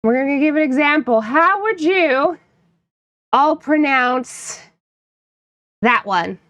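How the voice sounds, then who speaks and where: A woman's voice: sits high, expressive, slow, fairly bright tone, no echo. A woman from upstate New York, chatting casually with her live-stream viewers, playful and laughing often while she teases chat.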